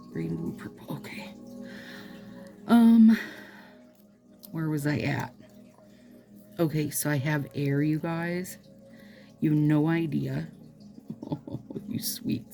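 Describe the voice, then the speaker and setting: A woman's voice: sits low, vocal fry, dark tone. A woman chatting casually to her viewers while doing her nails, rambling and playful with asides. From Minnesota. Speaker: nail vlogger. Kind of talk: casual chat to camera while applying nail strips.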